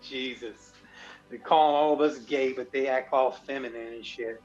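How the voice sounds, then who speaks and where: A man's voice: medium pitch, steady tone, normal speed, darkish tone. Laughing man, muffled lo-fi audio. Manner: laughs often, breaks into mocking sung parodies. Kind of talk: casual chat. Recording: muffled lo-fi with faint music.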